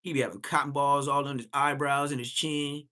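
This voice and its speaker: A man on a live stream, animated and profane, mocking other streamers in roasting commentary. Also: medium pitch, a little fast.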